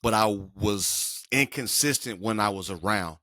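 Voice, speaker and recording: A man's voice: on the low side, unhurried, pushed and bright, no room sound, studio quality. A middle-aged man co-hosting a podcast, telling a personal story in an emphatic, slangy way. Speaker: podcast co-host. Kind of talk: casual podcast conversation.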